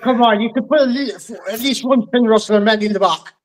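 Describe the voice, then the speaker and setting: A man's voice: very high-pitched, fast, low-quality recording. An Irish man hosting a podcast in casual chat, joking and bantering with his guests. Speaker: podcast host.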